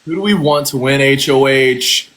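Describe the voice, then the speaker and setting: A man's voice: mid-range voice, moderate pace, a bit bright. A man joining a casual phone live stream as a guest, laid-back and playful. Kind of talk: casual chat. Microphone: phone livestream.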